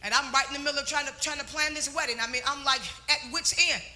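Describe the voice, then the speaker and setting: A middle-aged woman preacher giving a sermon, shouting and joking with call-and-response before a live congregation. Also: high voice, fairly even intonation, fast, in a large hall. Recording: live church crowd and noise.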